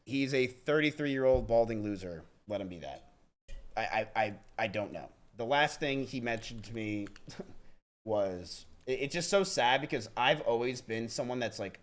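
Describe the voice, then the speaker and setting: A young adult man streaming live, ranting to his chat with profane, rapid storytelling and frequent restarts. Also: on the low side. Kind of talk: livestream rant to chat.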